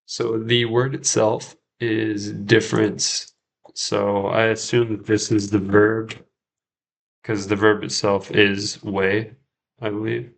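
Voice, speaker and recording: Slow gravelly low-voiced man. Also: flat delivery. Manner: thinks aloud, repeats words while checking himself. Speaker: French learner and livestream host. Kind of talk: casual livestream study session.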